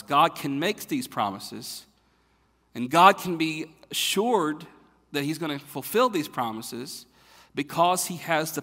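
A man preaching a sermon as pastor, stressing and repeating phrases with big swings between loud and soft. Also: mid-range voice, in a large hall. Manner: emphatic, repeats phrases with sharp swings in loudness.

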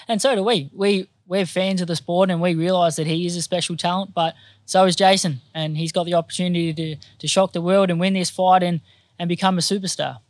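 An Australian boxer answers interview questions with earnest modesty and often restarts his sentences. His voice sits slightly high, and the recording is dry and close. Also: no echo. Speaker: professional boxer. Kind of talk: casual interview chat.

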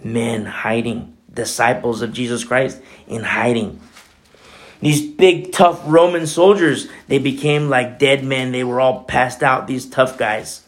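A man preaching a sermon as pastor, in a conversational, animated way full of asides. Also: mid-range voice, slow pace.

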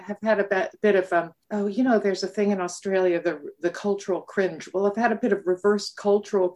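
A middle-aged woman with a North American accent, chatting as a podcast guest in a relaxed, self-deprecating way. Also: medium pitch. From United States. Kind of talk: conversational interview.

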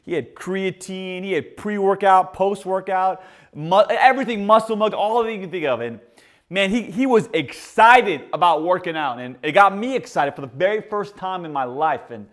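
Animated pastor man preaching. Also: moderate pace. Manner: animated storytelling with lively swings in pitch and loudness; prays and calls to the congregation. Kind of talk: sermon.

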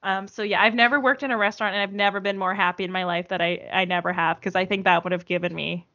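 A woman's voice: medium pitch, steady tone, quick pace, pushed and bright. A woman chatting casually, rambling with lots of filler words and frequent laughs. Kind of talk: casual chat. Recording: dull lo-fi sound.

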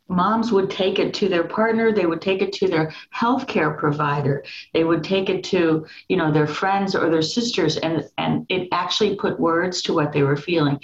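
A woman author talking about her cartoon book in an interview, telling stories and acting out quotes, often restarting her sentences. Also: fairly low pitch. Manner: animated storyteller who acts out quotes, with many restarts. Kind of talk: interview conversation. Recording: dull lo-fi sound with roomy echo.

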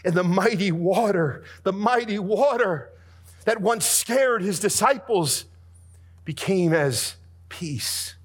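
Man, preacher, sermon, fervent dramatic delivery, voice a bit high for a man. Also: breathy edge. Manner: dramatic preaching that swings between soft and booming.

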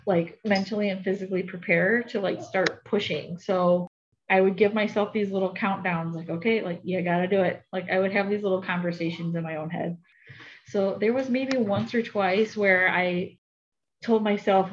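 A young adult woman recounts a personal story in relaxed conversation, her pitch sitting in the middle range. She speaks in a chatty, animated way and pads her sentences with fillers. The audio sounds slightly dull and lo-fi. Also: unhurried. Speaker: podcast guest. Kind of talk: casual storytelling.

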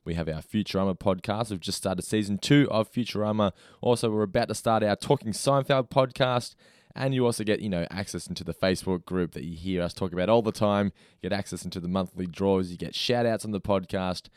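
Aussie guy hosting a podcast, talks super quick, lowish voice, dry close mic. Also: fairly even intonation, a little mellow, no room sound. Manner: brisk, chatty, laughs often. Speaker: podcast co-host. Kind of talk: casual podcast chat.

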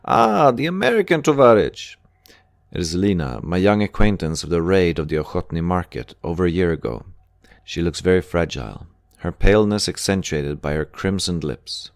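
Male audiobook narrator, deep voice, dry close sound, measured read. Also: a little mellow, dry recording. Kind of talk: scripted narration.

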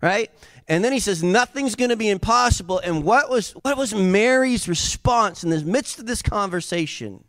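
Fiery Southern preacher, fairly high voice. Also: male voice, lively intonation, moderate pace, no echo, clean studio sound. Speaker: pastor. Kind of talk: sermon.

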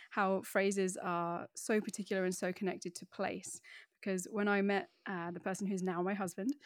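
A woman from Northeast England, speaking in a polished standard English accent as a podcast guest, telling stories in a chatty, animated way. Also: mid-range voice, no room sound, clean studio sound. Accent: neutral southern English. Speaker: podcast guest, wine educator. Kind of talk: casual interview chat.

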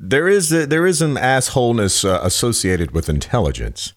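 A man's voice: medium pitch, huge pitch swings, normal speed, no room sound. A man co-hosting a podcast in casual chat, making wry, dry jokes. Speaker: podcast co-host.

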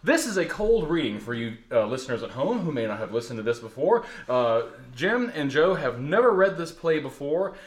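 A man from the US Deep South hosting a podcast, laughing, rambling and self-mocking as he introduces a play reading. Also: very animated, normal speed, hardly any pauses. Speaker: podcast host. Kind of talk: casual chat and play introduction. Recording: roomy echo.

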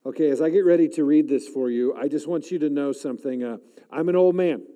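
Animated man in his forties preaching. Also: a little high, fast talker, big-room sound. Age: 40s. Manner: animated, rising loud for emphasis, dropping soft to pray; calls out to the audience. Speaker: chapel speaker. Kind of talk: sermon.

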